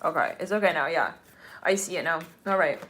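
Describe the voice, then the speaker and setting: A woman giving a live-streamed tarot reading. She talks in a chatty, exclamatory way, laughs often and breaks into sudden excited bursts. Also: on the low side, fairly quick, a little hiss or hum. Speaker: tarot reader.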